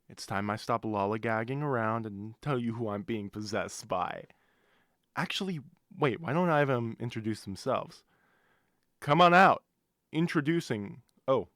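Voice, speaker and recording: A man's voice: mid-range voice, fairly bright tone, no room sound. A young man hosting a college radio show, rambling and interrupting himself with jokes, talking into a studio microphone. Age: young adult. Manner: rambling, self-interrupting, joking. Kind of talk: casual radio chat.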